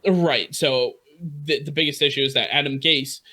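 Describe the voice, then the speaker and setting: A man's voice: a little high, normal speed, bright, forceful tone. A man co-hosting a sports podcast, chatting casually about football teams with lots of fillers, restarts and the odd laugh. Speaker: podcast co-host.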